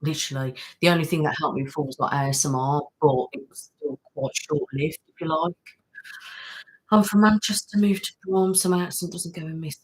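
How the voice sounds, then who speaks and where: Low husky woman chatting on a live stream. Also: steady tone, fairly quick, low-quality recording. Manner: chatty, thanks viewers by name, trails off. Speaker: ASMR channel host. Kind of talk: casual live-stream chat reading comments. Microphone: studio mic.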